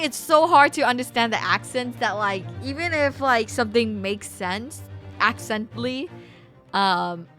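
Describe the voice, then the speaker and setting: A woman's voice: medium pitch, fairly bright tone. A woman streamer chatting casually while reading a game, reacting aloud as she goes.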